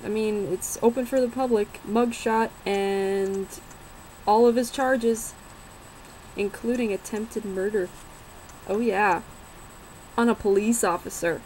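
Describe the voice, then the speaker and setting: Young woman, casual vlog storytelling, unhurried and frank, faint background hiss. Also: medium pitch, fairly even intonation, a little mellow, rough recording. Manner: unhurried, rambling, swears and laughs while telling.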